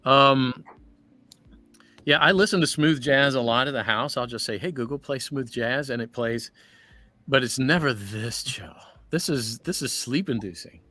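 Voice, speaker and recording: A man's voice: medium pitch, unhurried, sharp tone. A man, a voice actor, chatting casually on a livestream while signing prints, rambling and joking.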